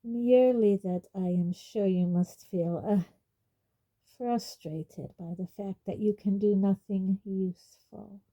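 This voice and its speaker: A woman voicing a cold, sneering male wizard teacher who speaks in a quietly waspish, silky way. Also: medium pitch, steady tone, takes it slowly, highs cut off.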